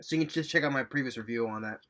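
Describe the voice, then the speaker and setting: A man's voice: mid-range voice, very fast, fairly bright tone. A man giving a casual, rambling movie review, recapping scenes with enthusiasm and little chuckles.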